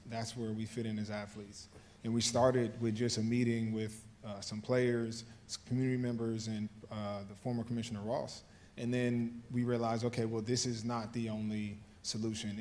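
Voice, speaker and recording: Measured man answering interview questions. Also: fairly low pitch, dark tone, a little hiss or hum. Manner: measured, thoughtful, says "right?" and "you know" often. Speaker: guest author, former football player.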